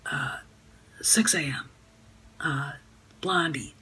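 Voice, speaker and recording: A woman's voice: sits low, extremely slow, pushed and bright, breathy edge, rough recording. A woman talking to camera at home in a casual vlog, rambling and indignant, with many fillers and restarts. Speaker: YouTube vlogger. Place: home room by a sunny window.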